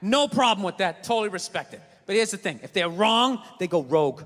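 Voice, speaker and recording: A man doing a stand-up comedy routine, ranting and swearing in loud bursts before a live audience. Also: high-pitched, animated, brisk. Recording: live hall reverb with audience.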